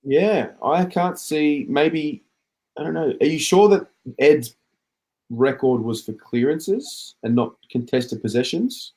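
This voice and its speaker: A man's voice: on the high side, slow, darkish tone. A man hosting a casual footy chat show, reading out viewer comments and chatting along. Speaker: podcast host reading comments.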